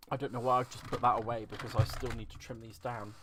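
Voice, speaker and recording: A man's voice: mid-range voice, level tone, fast, noisy background. A man hosting a crafting live stream, chatting casually and rambling, answering viewers' comments and poking fun at himself. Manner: chatty, rambling, self-deprecating, reads and answers chat. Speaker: crafting livestream host.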